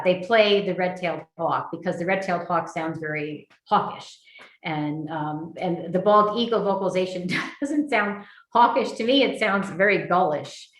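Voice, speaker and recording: Middle-aged new lady giving a chatty bird talk, lowish voice, roomy echo. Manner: chatty, with many fillers and restarts. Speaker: birding workshop presenter. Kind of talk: virtual lecture with slides.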